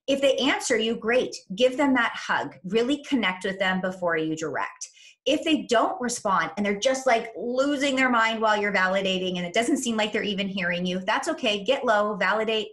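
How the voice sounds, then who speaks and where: A woman's voice: mid-range voice, normal speed, a bit bright. A woman parenting coach in a podcast interview, explaining in an instructive way and acting out what parents say to their kids.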